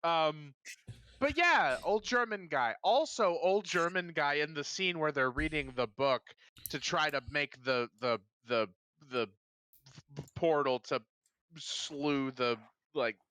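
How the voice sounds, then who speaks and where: A man co-hosting a casual movie review podcast who jokes and teases. His voice sits high for a man and sounds bright and tight. The recording is dry and close. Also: takes it slowly, clear, resonant tone, dry recording. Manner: joking and teasing, laughs often. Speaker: podcast co-host.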